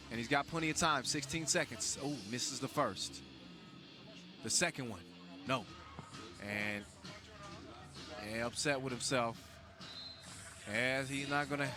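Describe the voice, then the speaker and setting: A man calling live basketball play-by-play in a casual, joking way, full of fillers and restarts. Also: medium pitch. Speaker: sports commentator. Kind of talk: live sports commentary. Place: basketball event venue.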